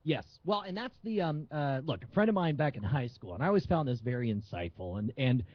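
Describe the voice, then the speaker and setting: A man who is a magician guest, telling stories in an animated, emphatic way during a casual chat. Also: mid-range voice, fairly quick, no echo. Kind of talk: casual live-stream chat. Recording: dull lo-fi sound.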